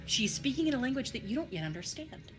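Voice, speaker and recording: A woman running a tabletop game as dungeon master, narrating in a hushed voice that often drops to a whisper. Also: high-pitched, very animated, fast, music in the background.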